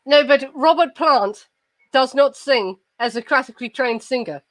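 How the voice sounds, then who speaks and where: A woman's voice: high voice, normal speed, no room sound, low-quality recording. A woman from England with an Estuary English accent, chatting casually as a podcast host, swearing freely and poking fun at herself. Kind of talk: casual chat.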